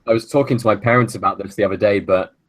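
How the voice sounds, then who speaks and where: Guy on a movie podcast, lowish even voice, very opinionated, dry mic. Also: no echo. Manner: opinionated, long measured arguments. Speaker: podcast host. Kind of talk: casual film review chat.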